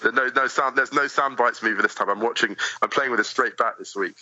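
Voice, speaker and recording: A man talking as a guest in a casual podcast chat, animated and quick with asides, often laughing easily. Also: mid-range voice, dry recording, highs cut off. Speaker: guest poet.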